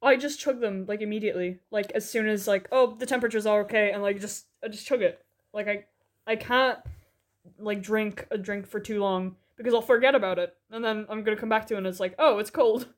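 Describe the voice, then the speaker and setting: A woman's voice: mid-range voice, fairly even intonation, brisk. A young woman from Poland co-hosting a podcast, rambling casually with lots of "like" and frequent giggles. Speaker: podcast co-host. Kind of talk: casual chat.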